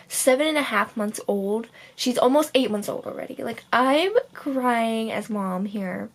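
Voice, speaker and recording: At home, a pet owner vlogger films her kitten and narrates casually, talking to it in gushing baby talk and laughing often. Her voice is a little high, a little slow and a little mellow.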